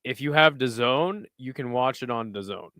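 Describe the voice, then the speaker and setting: A man's voice: mid-range voice, moderate pace, pushed and bright, no echo, studio quality. Sarcastic young man reading chat. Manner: sarcastic, talks back to chat messages. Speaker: livestream host reading chat. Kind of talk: casual watch-along commentary.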